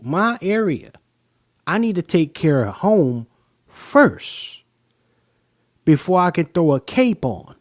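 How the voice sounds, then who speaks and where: A man hosting a live-stream podcast, talking emphatically and slowly to his audience. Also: high-pitched, dry recording, clean studio sound. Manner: emphatic, drawn-out, addresses the chat as y'all. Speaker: podcast host.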